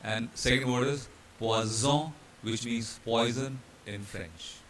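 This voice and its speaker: A man's voice: medium pitch, fairly even intonation, measured pace, a bit bright, a little hiss or hum. A man from India, a hotel training instructor, explaining pronunciation rules over slides, spelling out letters, with some fillers and restarts. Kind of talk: slide-based pronunciation lesson.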